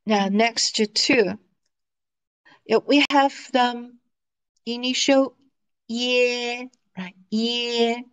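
A woman's voice: fairly high pitch, fairly even intonation, extremely slow, pauses often, clean tone. A woman teaching pronunciation in a lesson, patient and repeating each syllable for students to follow. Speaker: Mandarin teacher.

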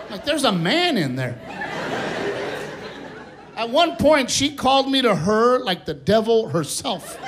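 A man performing a stand-up comedy set on stage, telling a story in an animated way and acting out the voices of the people in it. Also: very high-pitched, moderate pace. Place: comedy theater stage with live audience. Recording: live stage recording with crowd noise. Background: audience laughter and applause.

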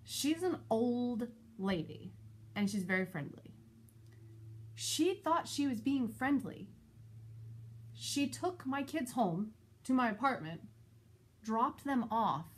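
A woman vlogger and mother telling a personal story in a casual, animated, exasperated way. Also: takes it slowly, pauses often, slightly rough. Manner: animated, exasperated retelling with shifting pitch. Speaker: parent of school-age kids.

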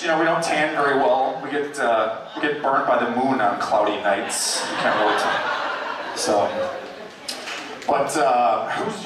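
A man doing a stand-up comedy set in a club, rambling with lots of fillers and shrill put-on voices for the people he quotes. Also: distant mic, noisy background. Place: comedy club stage with audience. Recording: very echoey club audio from afar. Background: audience laughter and room ambience.

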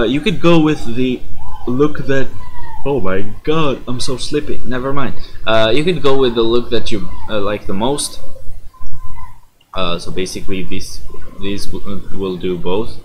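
Brief: young man, low voice, sleepy gaming commentary, rambling with lots of "uh", faint background hiss. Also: unhurried, poor audio. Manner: rambling, many "uh" fillers and self-corrections. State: sleepy, yawning. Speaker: gaming YouTuber. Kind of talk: casual game commentary.

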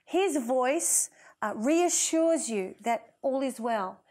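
A woman with a high, bright-pitched voice leads a children's Bible lesson in a kitchen. She is playful and encouraging, coaxing the kids along as she teaches. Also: expressive, slow. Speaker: children's minister.

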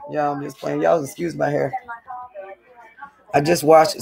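Record as a gravelly woman rambling to viewers. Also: sits low, moderate pace, long pauses, darkish tone. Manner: rambling, chatty, calls viewers y'all. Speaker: vlogger. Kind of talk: casual chat to viewers. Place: at home on a hot day.

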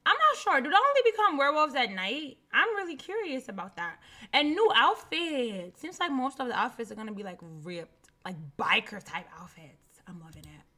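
A woman's voice: fairly high pitch, big pitch swings, normal speed, pushed and bright. A woman casually reacting to a game trailer in a chatty vlog, repeating herself and laughing easily.

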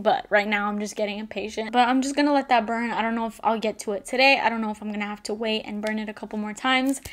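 A young woman in a casual unboxing vlog, gushing and excited, with lots of "like" fillers. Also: fairly high pitch. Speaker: beauty vlogger.

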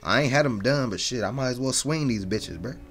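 A man's voice: mid-range voice, expressive, brisk, a bit bright, soft background music. A man hosting a reaction video, talking in a frank, rambling, slang-heavy way with lots of restarts. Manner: frank and opinionated. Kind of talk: casual reaction commentary.

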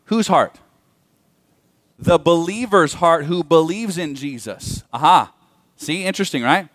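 Male pastor, fairly high voice, lively sermon delivery with questions to the room, dry close mic. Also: a little slow, no room sound. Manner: animated preaching, asks the congregation questions. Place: church sanctuary.

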